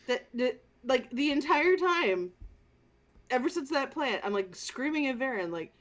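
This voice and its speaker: Animated, profane woman podcast host. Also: high voice, a little slow. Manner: animated, profane, exasperated storytelling. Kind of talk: casual movie review chat.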